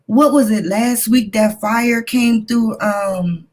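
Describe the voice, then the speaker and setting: A woman with a husky, slightly higher voice speaks in a religious discussion. She talks slowly and fervently, with open excitement. Her delivery is unhurried throughout.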